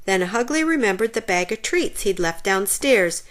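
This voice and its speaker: Animated woman reading a kids' story. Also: medium pitch, moderate pace. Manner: expressive, animated. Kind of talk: children's storybook read-aloud.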